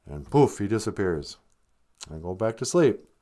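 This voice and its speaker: Animated man telling a rambling comic tale. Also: lowish voice, unhurried. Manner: rambling deadpan tall tale with hesitations. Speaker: podcast host. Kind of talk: comedic storytelling on a livestream.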